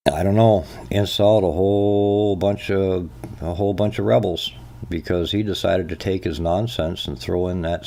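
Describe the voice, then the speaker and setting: Low-voiced man ranting solo. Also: darkish tone. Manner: ranting, repeatedly asks "okay?". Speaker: podcast host. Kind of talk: solo commentary rant.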